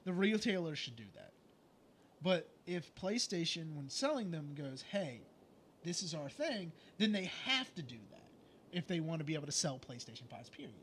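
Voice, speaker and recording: Animated high-voiced gaming streamer man. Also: moderate pace, a little hiss or hum. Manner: animated, argumentative, swears freely. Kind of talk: casual chat over gameplay.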